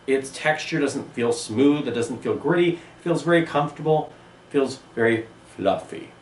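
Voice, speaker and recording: A man's voice: mid-range voice, unhurried, distant mic. A man teaching an art lesson, thinking aloud as he handles and describes objects one by one. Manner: musing, thinks aloud as he touches things. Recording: echoey room, voice from away from the mic, faint background hum.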